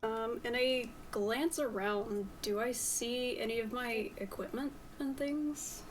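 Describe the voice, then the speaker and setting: A woman plays a tabletop game and states her character's actions in a plain, matter-of-fact way. Her voice sits a little high. A faint hiss runs under it. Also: slow pace, low-quality recording. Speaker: player. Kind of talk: casual tabletop play.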